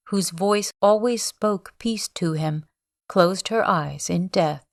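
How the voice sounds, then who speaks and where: A woman narrating a classic novel as a calm, measured sleep story. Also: fairly low pitch, no room sound, clean studio sound. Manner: slow, calm, measured reading. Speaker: audiobook reader.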